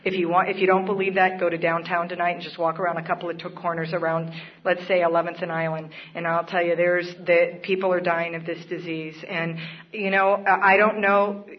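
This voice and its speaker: Brisk and level, a woman with a fairly low voice tells her own story at a recovery meeting. She speaks earnestly and plainly with the odd laugh, and the recording is dull and lo-fi.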